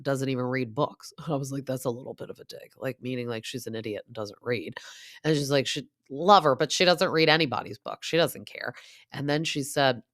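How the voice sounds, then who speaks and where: A woman's voice: extremely low pitch, dry recording, studio quality. A woman in her thirties giving a chatty, gossipy recap of a reality show, full of asides and quoted lines. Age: 30s. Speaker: podcast host.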